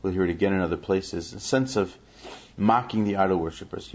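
A man's voice: sits low, fairly quick, a little mellow. A man teaching a verse-by-verse Bible class, chanting each Hebrew verse and then explaining it in English. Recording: dull lo-fi recording.

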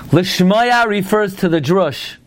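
A man with a high-pitched voice delivers a lively Torah lecture. He speaks emphatically, turns to his listeners with pointed rhetorical questions, and weaves Hebrew and Yiddish terms into his English as he tells a story. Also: slow, slight background noise. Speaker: rabbi teaching Torah.

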